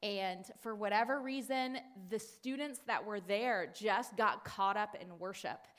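A woman speaking to a congregation in a sermon-style talk, telling a story with many fillers and quick restarts. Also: medium pitch, fairly bright tone. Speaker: church speaker.

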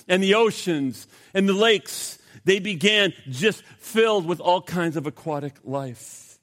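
A man preaching a sermon as pastor, swinging from loud emphasis to hushed, grave asides. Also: high voice, expressive, unhurried. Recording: long reverb of a hall.

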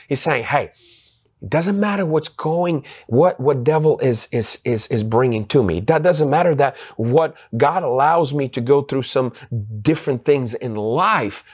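Halting, increasingly fervent male preacher. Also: expressive, darkish tone, breathy edge. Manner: halting, with many restarts and fillers, growing emphatic and rising in pitch. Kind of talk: sermon.

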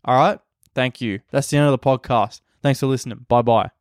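Speaking briskly in a mid-range voice, a young Australian man rambles through a crude, self-mocking comic monologue as host of a podcast. The close-miked recording is dry.

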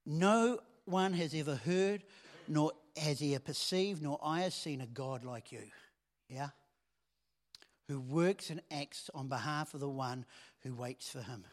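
A man preaching a sermon in a conversational way that swells into loud emphasis. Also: fairly high pitch, measured pace. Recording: long hall reverb.

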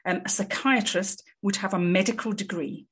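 A woman, a psychologist, explaining her field in a measured, articulate way with frequent ums. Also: mid-range voice, fairly even intonation, breathy edge. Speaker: psychologist guest. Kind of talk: conversational expert explanation.

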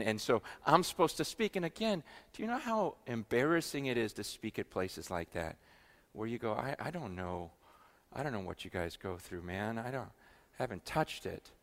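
A middle-aged man from the United States tells a story in a sermon, acting out the voices of the people in it. He repeats his words and swings from quiet to excited. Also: mid-range voice. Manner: animated, acts out quoted voices, repeats words. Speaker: preacher.

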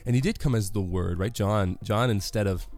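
A man's voice: fairly low pitch, normal speed, a little mellow. A man giving a casual devotional talk on a worship song, rambling and correcting himself with many fillers.

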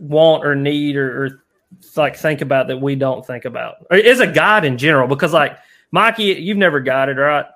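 Man, fairly high voice, casual host, animated storyteller. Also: normal speed. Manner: rambling, laughs often, animated storyteller. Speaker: live stream host. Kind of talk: casual chat.

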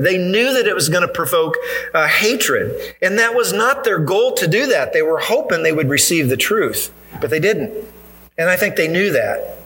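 A man's voice: high-pitched, pushed and bright, low-quality recording. A male pastor preaching a sermon in church, earnest and emphatic, driving points home with repetition.

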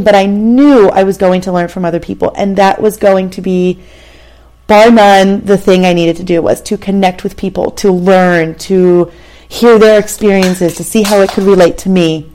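A woman's voice: medium pitch, a little mellow. A woman in her thirties hosting a show, telling a personal story in a candid, conversational way and addressing the listener directly. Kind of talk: casual storytelling monologue.

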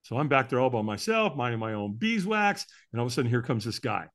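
A man being interviewed on a podcast, telling a personal story with emphatic, animated delivery and frequent rhetorical questions. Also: mid-range voice, quick pace. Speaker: podcast guest.

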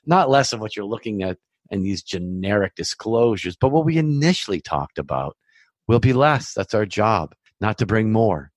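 A man's voice: fairly low pitch, big pitch swings, moderate pace, no echo. Chatty reassuring man, dry close sound. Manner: chatty, reassuring, repeats himself, conversational asides. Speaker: mortgage loan officer hosting a podcast. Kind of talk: casual advisory monologue.

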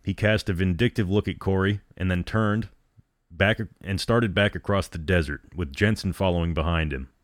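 Male narrator, very low voice, dry close recording, steady storybook reading. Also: moderate pace, dry recording. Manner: reads all characters in a low steady voice. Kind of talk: scripted narration.

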